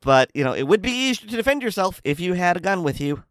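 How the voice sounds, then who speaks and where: A woman's voice: lowish voice, big pitch swings, fast talker, smooth, no echo, clean studio sound. A woman co-hosting a podcast in casual chat, cutting in with wry, blunt remarks. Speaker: podcast co-host.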